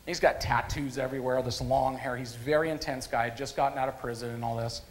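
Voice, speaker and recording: A man preaching a sermon at a church service, a lively storyteller who repeats phrases for emphasis. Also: medium pitch, fast talker. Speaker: pastor.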